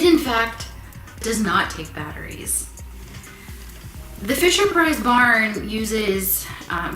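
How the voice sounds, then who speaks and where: A woman vlogger telling a personal story in a casual, animated, chatty way, asking her viewers questions. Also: fairly high pitch. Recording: echoey room.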